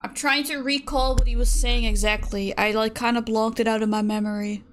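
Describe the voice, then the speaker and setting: A woman's voice: fairly high pitch, steady tone, brisk, a little hiss or hum. A young woman chatting casually with her stream viewers while she paints, ranting in an exasperated way and reading out chat messages.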